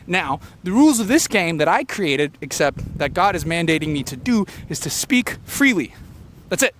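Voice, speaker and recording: A man doing an unfiltered stream-of-consciousness comedy monologue, rambling and fast-talking with quick tangents. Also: on the high side, big pitch swings, a bit bright, slight background noise. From Filipino heritage. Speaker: comedian podcaster. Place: beach location outdoors.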